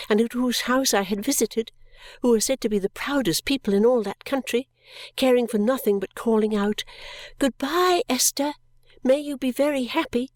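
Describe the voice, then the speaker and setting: A woman narrates a classic novel in a tender, emotive reading. Her mid-range voice slips into soft whispered touches at moments of feeling. The recording is dry and close, with no room sound. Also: medium pitch, dry recording. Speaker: audiobook narrator.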